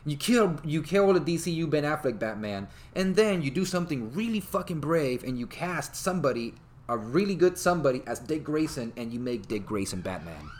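Fast-talking excitable man, casual chat. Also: a little high. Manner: excitable, profane, acts out scenes.

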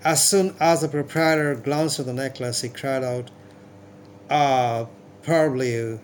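A man narrates a classic story in a steady, measured manner. His voice sits a little high for a man, and a faint hiss runs underneath. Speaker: audiobook narrator.

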